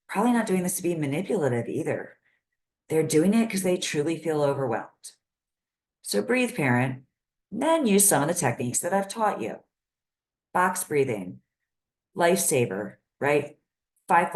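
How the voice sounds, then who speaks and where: Low-voiced woman therapist giving direct advice. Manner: direct, lively and conversational. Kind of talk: educational talk to parents.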